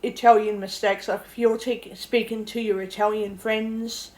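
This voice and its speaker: A woman from Australia talks in a loose, rambling way and curses casually as she chats about her lessons. Her voice sits at an everyday middle pitch. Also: flat delivery, moderate pace, darkish tone. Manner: chatty, rambling, swears casually. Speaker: language learner vlogger. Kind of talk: casual chat.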